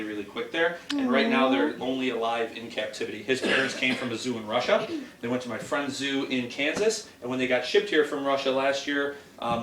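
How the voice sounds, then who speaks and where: This middle-aged man, an exotic animal handler and educator, has a mid-range, fairly bright voice. He tells jokey stories and laughs while handling an animal indoors at home, captured on a roomy, distant home video with background noise.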